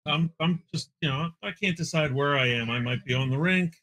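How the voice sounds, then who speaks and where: A man joins a live podcast as a guest, easygoing and playful in the banter. His voice is bright and sits slightly high. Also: normal speed. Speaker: podcast guest, hockey goalie.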